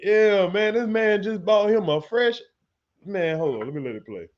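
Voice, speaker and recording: Excitable high-voiced man ranting. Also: moderate pace, highs cut off. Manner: laughing, profane, excitable. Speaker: commentary channel host. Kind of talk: casual news commentary.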